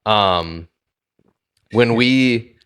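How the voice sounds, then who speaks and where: A man's voice: lowish voice, drawn-out words, fairly bright tone, smooth. Laid-back, cursing man co-hosting a podcast. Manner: loose, swearing, laughs often, lots of fillers. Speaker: podcast co-host. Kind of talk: casual chat.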